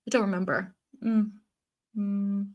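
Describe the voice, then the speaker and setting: A woman live-streaming, chatting loosely and answering her chat as she goes. Her voice is mid-pitched and slightly stuffy from a blocked nose, with frequent fillers and easy laughter. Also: level tone, measured pace, lo-fi sound. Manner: chatty, reads chat aloud, laughs often, frequent ums and likes.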